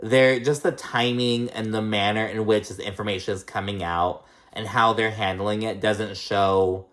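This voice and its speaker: A man's voice: on the low side, fairly even intonation, moderate pace, fairly bright tone. A man casually recapping a reality show episode, blunt and profane, with lots of fillers and strong opinions.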